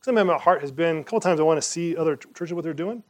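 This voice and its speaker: A man's voice: fairly high pitch, racing, darkish tone. A man preaching as a pastor, earnest and conversational, asking rhetorical questions and praying fervently. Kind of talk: sermon and closing prayer.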